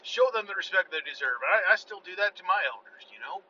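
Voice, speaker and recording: A man's voice: high voice, expressive, a little fast, bright, forceful tone. A middle-aged man rambling in a casual, profane, folksy monologue while sitting in a vehicle. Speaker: vlogger. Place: inside a vehicle on a back road. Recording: dull lo-fi sound with faint car noise.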